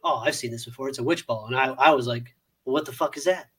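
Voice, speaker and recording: A man co-hosting a casual movie review podcast, animated and profane, often laughing and acting out scenes. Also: medium pitch, fast talker, breathy edge. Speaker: podcast co-host.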